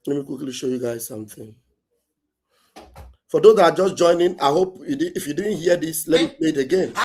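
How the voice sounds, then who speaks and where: A man with a Nigerian accent hosting a casual livestream, animated and often repeating himself. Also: a little high, fairly quick. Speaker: livestream host.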